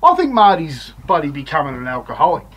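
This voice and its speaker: A man's voice: fairly high pitch, wildly swooping pitch, fast, a bit bright, slightly rough, rough recording. A man with an Australian accent hosting a casual beer review, rambling and swearing in blokey banter. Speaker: beer reviewer and show host.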